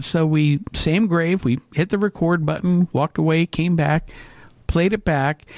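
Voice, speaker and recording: A middle-aged man telling a story in casual chat, with lively restarts and fillers. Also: on the high side, dry recording. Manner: animated anecdote, hesitant fillers. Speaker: co-host.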